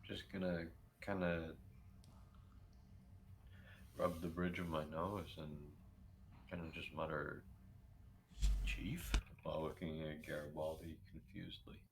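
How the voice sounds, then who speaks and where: Brief: male player, very low voice, loose action description. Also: little pitch movement, a little slow, gravelly, long pauses, a little hiss or hum. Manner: mumbling, loose, filler-heavy. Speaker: role-play player. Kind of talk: describing actions in role-play.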